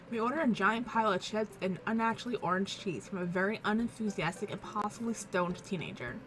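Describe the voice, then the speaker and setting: A woman's voice: medium pitch, fast talker, hardly any pauses, background noise. A woman hosting a let's play, reading a visual novel aloud in a casual, wry tone.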